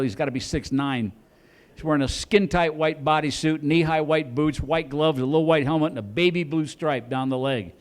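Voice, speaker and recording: A comedian from Chicago performing a stand-up set on a club stage, acting out cops with loud siren noises and mock accents. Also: male voice, on the high side.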